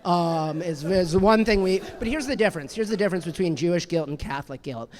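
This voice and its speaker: A man's voice: high-pitched, expressive, fairly quick. A man in his thirties doing a stand-up comedy set on a club stage, rambling and self-deprecating, with lots of restarts and fillers. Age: 30s.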